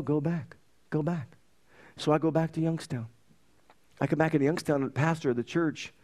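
Preaching in a mid-range voice, a middle-aged male pastor shares his personal story in a sermon. His energy is lively, and he quotes scripture along the way.

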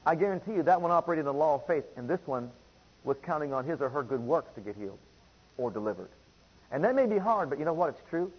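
A man's voice: a little high, lively intonation, fast talker, husky, lo-fi sound. A man preaching a sermon, driving home points by repeating phrases and reading scripture aloud.

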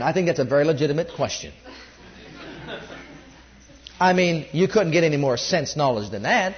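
A man preaching a sermon, rising loud on key points and dropping low when quoting scripture. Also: lively intonation, moderate pace, long pauses, highs cut off.

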